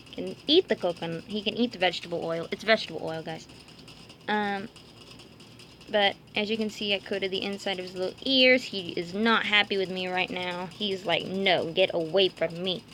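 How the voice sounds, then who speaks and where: A woman's voice: medium pitch, bright, forceful tone, slight background noise. A woman chatting casually in a home vlog, rambling and cooing to her pet rabbits while filming with a handheld camera. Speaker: vlogger.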